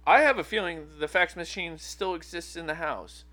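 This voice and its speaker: On the high side and bright with a forceful edge, his voice moves at a moderate pace. He's a podcast co-host in his thirties, chatting loosely, rambling with lots of fillers and restarts.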